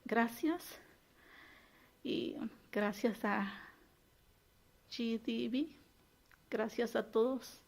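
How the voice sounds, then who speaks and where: A woman's voice: fairly high pitch, extremely slow, vocal fry, pauses often, a little mellow. A woman giving a heartfelt, grateful thank-you speech at her graduation.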